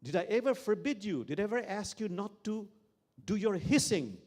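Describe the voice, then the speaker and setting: A man voicing a wise old male Sufi teacher who gently but emphatically rebukes a student. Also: high-pitched, animated, takes it slowly, husky, voice pushed up, full character voice. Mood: chiding.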